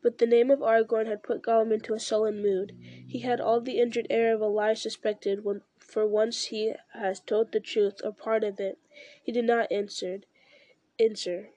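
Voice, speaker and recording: A woman reading a novel aloud at a steady pace, with occasional slips and restarts. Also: a little high, normal speed, no echo. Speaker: reader.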